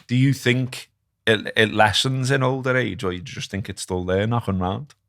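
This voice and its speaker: A middle-aged man, chatting on a football podcast and getting animated when he retells rows. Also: on the low side, moderate pace, no room sound, clean studio sound. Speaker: podcast host. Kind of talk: casual chat.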